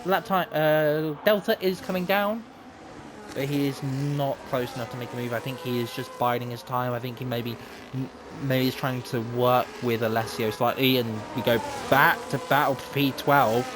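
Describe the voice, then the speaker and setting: A man calls a league sim race live, chatty and quick in bursts. His voice sits at an ordinary middle pitch. A clear hiss of noise runs under the stream mic. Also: fairly even intonation. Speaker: race commentator. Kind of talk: live sim-racing commentary.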